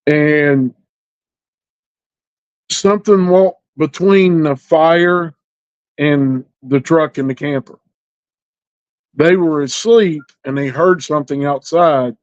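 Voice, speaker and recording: Middle-aged virginia guy telling a story, kinda high voice, plain country talk, dry close sound. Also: no room sound. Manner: plainspoken, rural grammar, halting pauses. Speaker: interview guest. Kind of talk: storytelling in a podcast interview. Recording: dull lo-fi recording.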